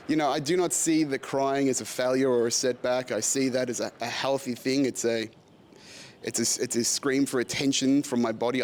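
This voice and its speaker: A man at an ordinary pitch talks through a candid, rambling personal vlog. He is confessional and swears freely as he speaks. A faint noise sits under his voice. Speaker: podcast host.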